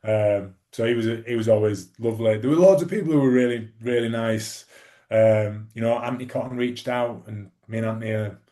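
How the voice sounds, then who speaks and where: A fairly low-pitched man, chatting as an interview guest. He tells long anecdotes in a relaxed, rambling way, full of fillers and restarts. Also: fairly quick. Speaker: guest, former rugby league player. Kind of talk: casual interview storytelling.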